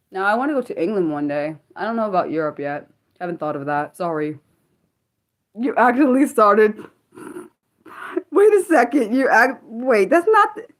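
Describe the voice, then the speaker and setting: Woman hosting an unscripted livestream; rambling, apologetic, chatty reactions to viewers. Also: mid-range voice. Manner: rambling, often apologizing, reacting to chat comments. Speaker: livestream host. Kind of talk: casual unscripted livestream chat.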